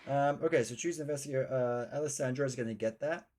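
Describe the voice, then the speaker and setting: Very low-voiced woman with dry asides. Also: fast, warm tone. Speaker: co-player reading game rules. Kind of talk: casual game stream chat.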